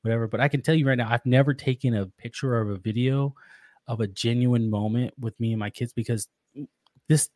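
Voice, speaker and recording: A man's voice: medium pitch, fairly even intonation, brisk, darkish tone, dry recording, clean studio sound. A man guesting on a podcast, talking about being a father in an earnest, reflective way, often restarting his sentences. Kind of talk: casual interview talk.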